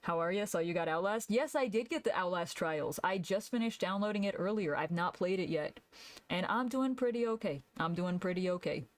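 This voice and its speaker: A woman's voice: lowish voice, expressive, a little fast, no room sound. A young woman streamer chatting casually while she draws, laughing often and answering her chat aloud.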